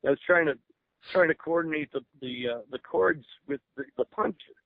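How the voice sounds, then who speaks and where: A man's voice: a little high, moderate pace, vocal fry, dry recording. A man in his sixties from Illinois, a guest musician telling stories in a radio interview, eager and laughing, often restarting his words. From Berwyn, Illinois, USA. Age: 60s. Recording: narrow phone-line radio sound.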